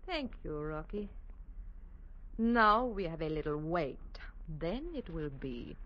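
A woman's voice: low-pitched, animated, takes it slowly, very noisy. An actress playing a cold, ruthless female gang boss in a 1940s radio drama, cool and commanding. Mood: menacing. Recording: dull lo-fi old radio broadcast.

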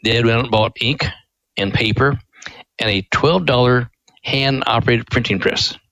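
A man, the director of a ministry, telling its founding story in a radio interview, earnest and lively with quoted voices. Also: medium pitch, normal speed, no room sound, poor audio.

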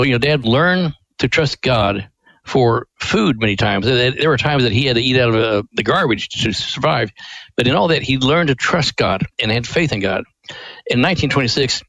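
An older man, a ministry president, telling a story in an earnest, animated way during a radio interview. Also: mid-range voice, dry recording, poor audio.

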